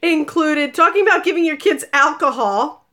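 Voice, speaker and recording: Lively forties lady vlogging a story live, kinda high voice, laughs a lot. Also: normal speed. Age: 40s. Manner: animated, laughing storyteller with exclamations.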